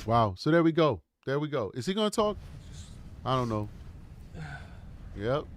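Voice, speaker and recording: A man's voice: medium pitch, moderate pace, slight background noise. A man hosting a live true crime stream, reacting bluntly and casually, often calling the audience bro and man. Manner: animated, blunt, calls listeners bro and man.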